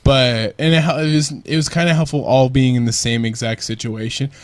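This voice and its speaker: A man's voice: medium pitch, steady tone, a little fast, dry recording. Young male podcast host, casual and self-deprecating, laughs a lot, dry close sound. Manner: laughs often, rambling and self-mocking. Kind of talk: casual chat.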